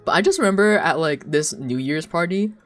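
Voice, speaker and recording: A woman's voice: sits low, brisk, faint music behind. Giggly young woman chatting on stream. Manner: giggly, animated storytelling. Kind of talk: casual chat while drawing on stream.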